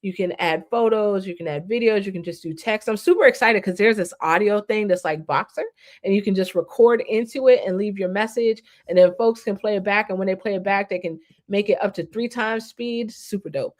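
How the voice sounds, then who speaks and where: A woman's voice: mid-range voice, brisk. A woman hosting a live stream, walking viewers through a new online platform in a casual, upbeat, slangy way. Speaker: host.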